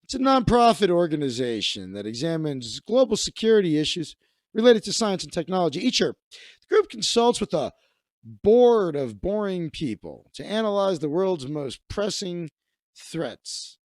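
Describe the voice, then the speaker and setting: A man's voice: sits high, very animated, normal speed, no echo, clean studio sound. A man around thirty, a comedian and magician hosting his own livestream, telling stories in a profane, rambling way. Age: 30s. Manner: profane, rambling, self-interrupting. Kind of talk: casual comedic rant.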